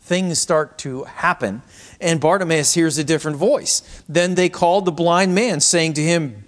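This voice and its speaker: Middle-aged male pastor with a slightly high voice; dramatic sermon delivery, loud calls traded for hushed asides. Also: normal speed. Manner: dramatic preaching, swinging from raised cries to hushed near-whispers.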